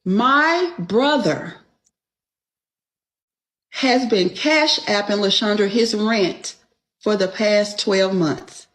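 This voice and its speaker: Slow, indignant woman telling a story. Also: mid-range voice, fairly bright tone, poor audio. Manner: indignant, profane, punctuates with rhetorical "Okay?"; acts out quoted dialogue. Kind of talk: casual storytelling monologue.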